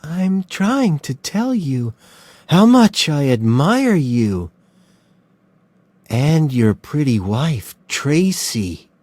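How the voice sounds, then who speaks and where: A man voicing a calm, smug male serial killer who speaks softly and slowly. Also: a little high, no room sound, pitched above the performer's own voice, exaggerated voice. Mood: menacing. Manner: soft, slow, mocking calm.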